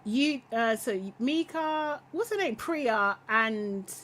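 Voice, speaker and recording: A woman's voice: on the high side, animated, slow, fairly bright tone. A woman hosting a live recap podcast, chatting casually and bluntly with opinions, laughing often and trailing off mid-thought. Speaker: podcast host reacting to a reality show.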